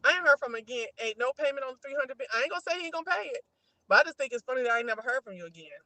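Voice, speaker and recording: A woman's voice: sits high, lively intonation, rapid-fire, bright, forceful tone, no echo, poor audio. A middle-aged woman hosting a livestream, chatting casually and telling a story to her viewers, whom she keeps calling "girl". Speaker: livestream host. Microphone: streaming mic.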